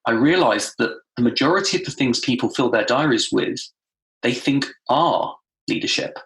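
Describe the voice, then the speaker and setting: A man's voice: normal speed, vocal fry. A man, a guest trainer in a podcast interview, telling stories animatedly and acting out quotes. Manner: animated storytelling, acts out quotes with rising pitch. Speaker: guest, time management trainer. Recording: roomy echo.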